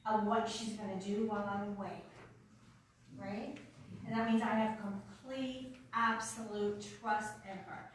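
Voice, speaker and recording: A woman's voice: fairly high pitch, a little hiss or hum. A woman company owner giving an earnest, sincere public tribute to a team member. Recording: echoey hall, voice from far off.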